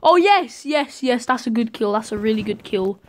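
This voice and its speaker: A woman giving live gameplay commentary as a video host, excitable, cheering on and scolding her teammates. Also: fairly high pitch, fairly quick.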